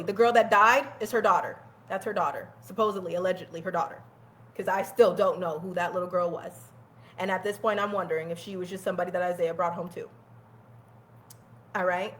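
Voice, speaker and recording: A young woman telling a personal story in a candid, animated way, swearing freely and laughing often. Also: medium pitch, a little hiss or hum. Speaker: guest telling her life story. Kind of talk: casual storytelling.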